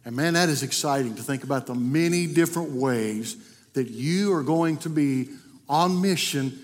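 A man's voice: mid-range voice, moderate pace. A man with a Kentucky accent, preaching an earnest, story-driven sermon in a church. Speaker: guest preacher. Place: church sanctuary. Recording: long church hall reverb.

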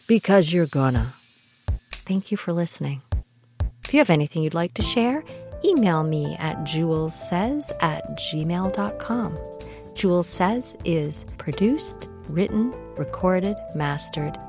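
A woman's voice: on the low side, a little mellow. A middle-aged woman from Canada telling personal stories on her podcast with dry, wry humor. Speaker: podcast host. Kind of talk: scripted personal storytelling.

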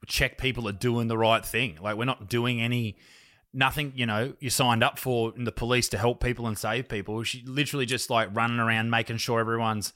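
A man's voice: medium pitch, a bit bright, no echo, studio quality. An Australian man talking casually on a remote call, telling stories animatedly and swearing freely. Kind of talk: casual chat.

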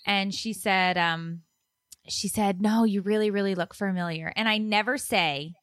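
A woman in her thirties chatting casually on a podcast, telling a story with lots of energy. She slips into little voices for the people she quotes. The sound is dry and close, with her pitch sitting in the middle. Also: a little slow, clear, resonant tone, dry recording. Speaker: podcast co-host. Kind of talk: casual chat.

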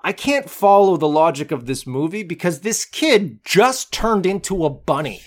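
A man co-hosting a podcast, casually recapping a film in an animated way and acting out lines from it. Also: high-pitched, normal speed. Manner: animated recapping, acts out quotes. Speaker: podcast co-host.

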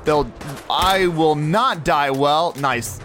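A man hosting a podcast, excitedly talking through his own video game play as he goes. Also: fairly high pitch, slow pace, faint music behind. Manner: excitable, narrates his every move aloud. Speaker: podcast host.

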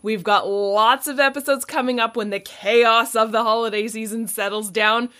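Higher-voiced woman hosting a podcast. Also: steady tone, moderate pace, pushed and bright. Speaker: podcast host. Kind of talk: casual interview and sign-off.

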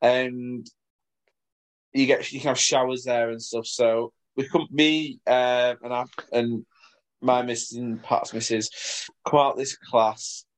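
A man's voice: medium pitch, steady tone. Laughing man telling a story. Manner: laughing storyteller, quick bursts. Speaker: podcast co-host. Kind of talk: casual chat.

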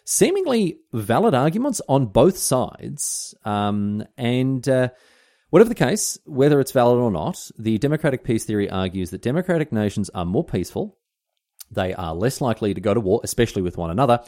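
A man's voice: medium pitch, big pitch swings, normal speed, warm tone. An Australian man hosting a casual history podcast, explaining in a chatty way with mock-outraged asides and mild swearing.

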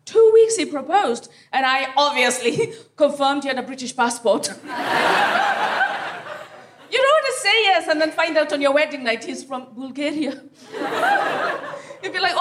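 A woman from Africa performs stand-up into a stage mic, her voice high and swooping all over the place. She lands her punchlines deadpan and keeps talking to the crowd. The live recording carries a clear layer of noise. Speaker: stand-up comedian. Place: theatre stage before a live audience.

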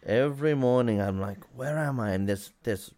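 A man's voice: mid-range voice, moderate pace, darkish tone, natural voice. A man improvising a self-serious male performance artist who talks dreamy nonsense. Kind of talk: improvised comedy character.

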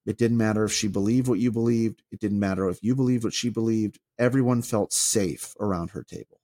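A former pastor with a fairly low voice talks on a podcast, animated and rambling, often restarting his sentences. The sound is dry and close, with no room around it. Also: a little fast, no room sound. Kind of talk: casual chat.

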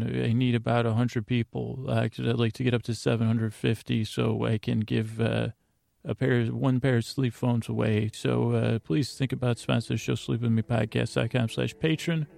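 A man's voice: mid-range voice, vocal fry. A man hosting a bedtime podcast, talking in a meandering, self-interrupting way with wry asides. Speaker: podcast host. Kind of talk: rambling bedtime podcast monologue.

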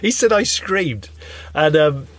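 A man's voice: a little high, expressive, slow, a bit bright, a little hiss or hum. A man co-hosting a podcast, telling rambling anecdotes in casual chat. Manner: rambling anecdotal storytelling with laughs. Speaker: podcast co-host.

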